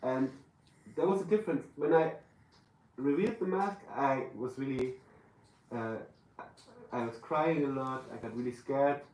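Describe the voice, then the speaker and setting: This live podcast guest speaks with a German accent and often searches for the right words. His voice is mid-range with a darkish tone, captured by a distant mic in a roomy venue with faint room noise.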